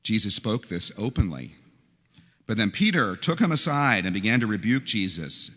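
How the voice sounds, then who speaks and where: An older man, a priest, giving a conversational, animated sermon and acting out quoted lines in a large church. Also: lowish voice, normal speed. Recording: reverberant church hall.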